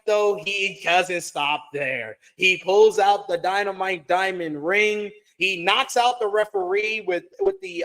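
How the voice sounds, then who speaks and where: A man recapping a wrestling show play by play as a podcast reviewer, with excited asides. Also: high-pitched, low-quality recording.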